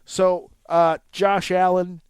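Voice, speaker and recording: A man's voice: sits high, flat delivery, takes it slowly, clean tone, dry recording. A man co-hosting a podcast, telling a casual, profane story and acting out his own reactions. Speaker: podcast co-host. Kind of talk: casual chat.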